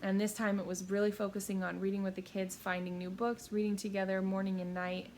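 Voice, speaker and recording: Woman, 30s, mid-pitched, casual upbeat book vlogger, faint room ambience. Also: flat delivery, brisk, a little mellow, slight background noise. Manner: chatty, upbeat, many fillers and restarts. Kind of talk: casual book haul chat.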